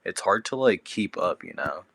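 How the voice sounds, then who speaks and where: A man co-hosting a casual podcast, relaxed with short remarks and casual swearing. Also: sits low, normal speed, gravelly, breathy edge, no echo. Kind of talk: casual chat.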